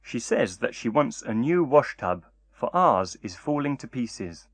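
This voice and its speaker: A man's voice: medium pitch, sing-song, unhurried, no room sound, studio quality. A man voicing a humble, timid old fisherman in a storybook, speaking meekly and politely. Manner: meek and polite.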